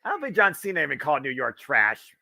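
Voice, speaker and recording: A man's voice: a little high, huge pitch swings, fast, gravelly, bright, forceful tone. A man from the Midwest of the US, hosting a casual live wrestling watch-along with wisecracking, swearing commentary. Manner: chatty, wisecracking, swears freely.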